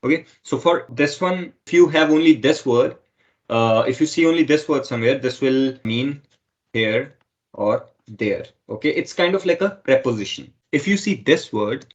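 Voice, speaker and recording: A man's voice: medium pitch, lively intonation, moderate pace, muffled recording. A man teaching a French lesson online who explains step by step and keeps repeating himself with "okay".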